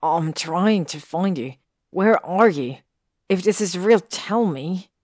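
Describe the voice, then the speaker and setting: A woman's voice: extremely low pitch, normal speed, no echo, clean studio sound. A woman voicing a stubborn, frustrated young man in a read-aloud audiobook story, speaking insistently. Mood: shouting. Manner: insistent, raises his voice. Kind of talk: audiobook reading of fan fiction.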